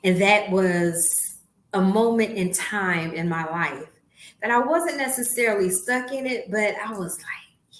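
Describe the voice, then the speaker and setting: A woman in her fifties hosting a podcast, talking in a blunt, profane monologue that swings from low asides to loud outbursts. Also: measured pace, a little hiss or hum. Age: 50s. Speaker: podcast host. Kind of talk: candid monologue. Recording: roomy echo.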